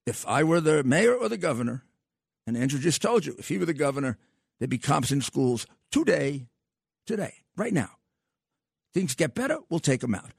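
A man's voice: fairly high pitch, big pitch swings, moderate pace, vocal fry, husky, no room sound, clean studio sound. An older man hosting a talk radio show, speaking with emphatic, scornful repetition.

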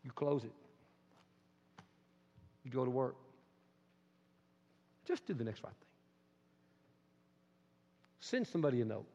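A middle-aged male pastor giving a sermon in an emphatic style, with bursts into high, excited exclamations. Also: slow, gravelly, long pauses, in a large hall, lo-fi sound.

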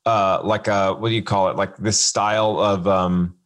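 A man co-hosting a casual podcast, thinking aloud in halting phrases full of fillers and restarts. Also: fairly low pitch, little pitch movement, a bit bright. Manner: halting, lots of likes and restarts. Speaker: podcast co-host.

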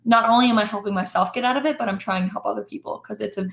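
A woman's voice: mid-range voice, steady tone, racing, creaky, a bit bright. A woman, a musician talking candidly and self-deprecatingly as a podcast guest. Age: 20s. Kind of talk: casual interview chat. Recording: roomy echo.

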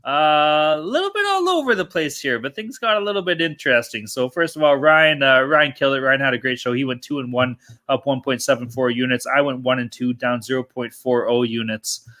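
A man's voice: mid-range voice, brisk, sharp tone. A young man hosting a sports betting podcast, chatting loosely with lots of swearing and jokes. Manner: loose, profane, joking banter. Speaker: podcast host. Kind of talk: casual podcast chat.

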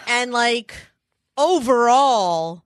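A woman in her forties co-hosting a casual chat show, acting out quoted lines with big animated voices. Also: fairly high pitch, extremely slow, no echo, studio quality. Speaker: podcast co-host.

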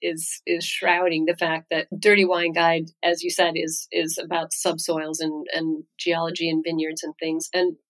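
A woman's voice: deep voice, monotone, moderate pace, few pauses, poor audio. A woman hosting a podcast interview, asking questions in an encouraging way with frequent restarts. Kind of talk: conversational interview.

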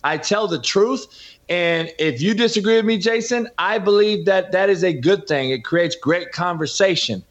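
A man's voice: high-pitched, normal speed, lo-fi sound. A man, a podcast host and former coach, talking as a guest in a heated, emphatic and preachy way. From California. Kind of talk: heated interview talk.

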